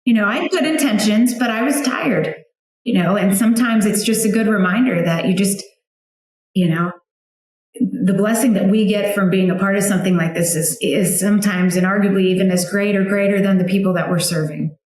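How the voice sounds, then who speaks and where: A woman's voice: mid-range voice, a little fast, a little mellow, heavy reverb. A woman in her thirties or forties, a mother of four, telling a heartfelt personal story in a chatty, emotional way with many fillers. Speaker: guest, founder of a flower outreach for widows.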